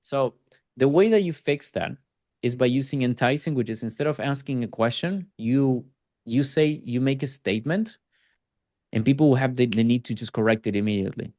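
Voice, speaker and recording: A man coaches a sales team over a video call, talking casually at a mid pitch. He slips into short acted-out replies from prospects to make his points. The sound is dry, close and without any room echo. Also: a little mellow. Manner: casual, acts out prospects' replies in quick asides. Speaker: sales trainer.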